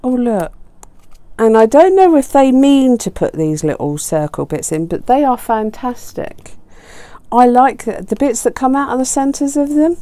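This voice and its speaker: A woman's voice: on the high side, animated, a little slow, dark tone, no echo. Gushing woman unboxing craft gifts. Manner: gushing, exclaims over each item, chatty asides. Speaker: papercraft vlogger. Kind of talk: casual unboxing chat. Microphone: desk mic close to the chin.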